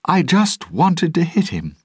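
A man's voice: fairly low pitch, expressive, unhurried, darkish tone, breathy edge, no room sound, studio quality, pitched above the performer's own voice. A man voicing an urgent, fierce young woman. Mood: commanding.

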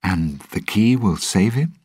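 A man's voice: animated, measured pace, darkish tone, husky, no room sound, clean studio sound. A man voicing an anxious, curious young man with a raised, questioning tone. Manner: higher, questioning tone. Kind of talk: audiobook storytelling.

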